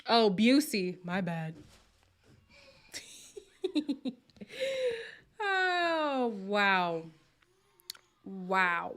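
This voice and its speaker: A woman hosts a relaxed live stream from home. She chats in a playful, gossipy way, often laughs, and sometimes slips into a whisper. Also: mid-range voice, drawn-out words, long pauses, smooth. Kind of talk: casual live chat reacting to viewer comments.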